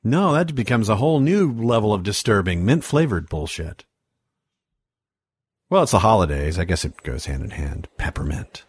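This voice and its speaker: A man co-hosting a podcast in casual chat, joking quickly and laughing easily. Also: lowish voice, sing-song, husky, no room sound. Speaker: podcast co-host.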